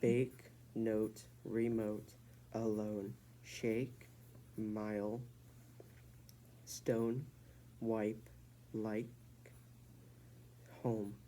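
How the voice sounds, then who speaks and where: Student, reading word list aloud, very slow, careful, hesitant, mellow tone. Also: medium pitch, little pitch movement, a little hiss or hum, low-quality recording.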